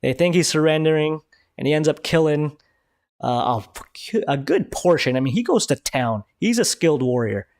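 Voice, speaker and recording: Man, live-stream host, casual excited commentary, swears a lot, fairly high voice. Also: moderate pace, no room sound, clean studio sound. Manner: excited, swears freely, frequent restarts.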